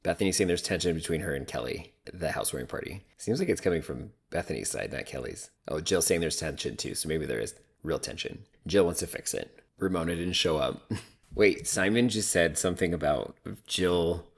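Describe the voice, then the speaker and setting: A man with a deep, low voice talks through a reality TV episode in a relaxed, chatty recap. He gives his opinions freely and thinks out loud, with plenty of "like". Quick laughs come easily between his remarks. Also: breathy edge. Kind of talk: casual recap commentary.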